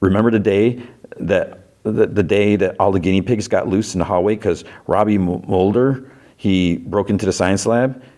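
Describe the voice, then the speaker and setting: Man reading a dying husband, tender and reminiscing, low voice, barely acted. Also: normal speed, mellow, natural voice. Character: dying man comforting his wife.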